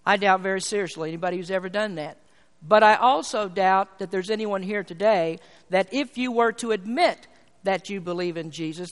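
A man preaching a sermon, emphatic and repetitive, building phrases to a rising pitch. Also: fairly bright tone. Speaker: pastor. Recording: long reverb of a large hall.

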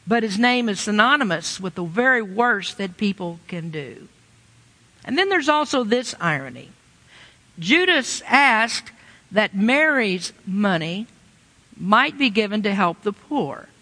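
A man's voice: sits high, very animated, measured pace, bright, forceful tone. A man preaching a sermon with emphatic rhetorical questions, sometimes mimicking excuses in a whiny voice. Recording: long hall reverb.

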